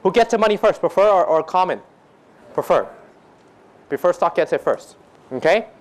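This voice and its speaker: In a classroom lecture, a finance teacher speaks in a high, sing-song voice at a slightly fast pace. He questions his students constantly, jokes between points, and mixes in Thai phrases.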